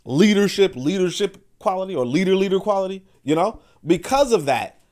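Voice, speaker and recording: A man's voice: sits high, expressive, brisk, a little mellow. A man hosting a podcast, talking in a loose, rambling monologue full of fillers and restarts, acting out other people's words as he goes. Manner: acts out others' words in quoted asides. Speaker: podcast host. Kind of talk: casual monologue commentary.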